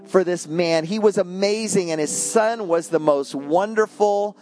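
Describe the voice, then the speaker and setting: A man voicing a humble male groundskeeper who speaks with soft, earnest sincerity. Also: high-pitched, measured pace, faint music behind.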